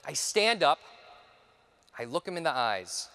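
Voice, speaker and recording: Guy speaking at a conference, kinda high voice, big echoey hall, dramatic storytelling. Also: big pitch swings, moderate pace, pushed and bright. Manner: dramatic storytelling, dropping to near whispers for repeated phrases. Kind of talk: personal story speech.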